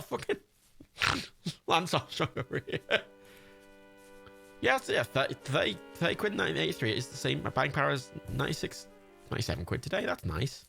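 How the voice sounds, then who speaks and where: A young Englishman streams a game and rambles through casual, sweary commentary, laughing as he goes. His voice is gravelly and bright with a lively, bouncing pitch. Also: brisk, faint music behind. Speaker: livestreamer. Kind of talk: casual let's-play commentary.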